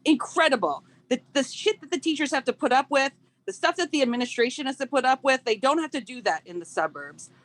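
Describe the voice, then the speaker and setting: A woman's voice: high voice, animated, quick pace, a bit bright. A woman, a parent giving an impassioned, emphatic public comment at a council meeting. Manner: outraged, repetitive "like", emphatic.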